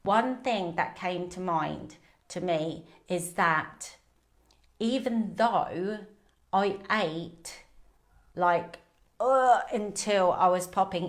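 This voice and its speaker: A woman coach talking candidly on a live video about food, rambling with fillers and restarts. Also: fairly low pitch. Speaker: binge eating coach. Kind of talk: casual live video talk.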